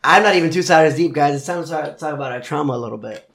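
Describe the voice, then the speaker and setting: Young guy talking real fast, slangy and animated, kinda higher voice, echoey room. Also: vocal fry, background noise. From Puerto Rican family, South Florida. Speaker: player. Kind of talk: casual banter.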